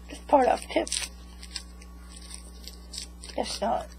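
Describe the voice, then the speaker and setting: A woman's voice: sits high, unhurried, a little hiss or hum, rough recording. A woman vlogging in casual chat to her viewers, rambling and tagging most remarks with 'okay?'. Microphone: USB microphone.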